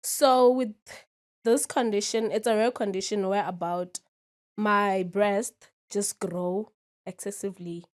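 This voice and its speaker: A woman's voice: mid-range voice, fairly even intonation, takes it slowly. A woman in her twenties, a podcast guest, talking candidly and often checking in with the listener. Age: 20s. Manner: candid, keeps asking "you understand?". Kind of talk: casual interview.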